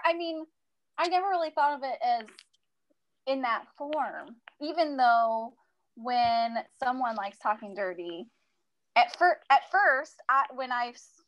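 A woman talking as a guest in a casual chat, hesitant and halting. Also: on the high side, poor audio.

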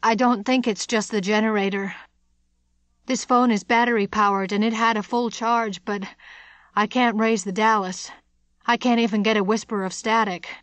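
A man's voice: high-pitched, fairly even intonation, normal speed, fairly bright tone, clean tone, no room sound. A woman voicing a nervous male technician with a thin, quivering voice who talks anxiously and hesitantly. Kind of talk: audiobook character voice.

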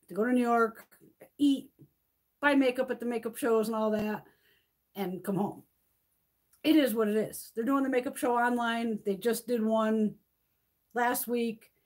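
A chatty middle-aged woman hosting a livestream, talking off the cuff and swearing freely as she tells a story. Her voice sits a little high and has a husky edge. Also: darkish tone. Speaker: beauty livestream host. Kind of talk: casual livestream chat.

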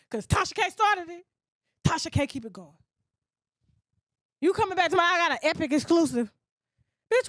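A woman's voice: high-pitched, dry recording, clean studio sound. A woman blogger delivering a blunt, profane rant, mockingly mimicking other people. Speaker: gossip blogger. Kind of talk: ranting monologue.

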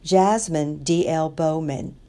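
A school counselor, a woman, reading graduates' names slowly and deliberately at a ceremony. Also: low voice, warm tone. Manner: slow, deliberate name reading.

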